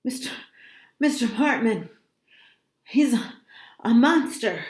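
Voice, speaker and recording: Woman voicing a shrill, breathless, panicky young girl. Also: animated, slow pace. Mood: panicked pleading. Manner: high, loud, pleading cries. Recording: roomy echo.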